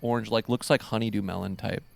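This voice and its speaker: Male podcast host, gravelly, casual and rambling. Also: fairly low pitch, fairly even intonation, quick pace, a little mellow. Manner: loose, rambling, swears casually. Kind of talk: casual chat.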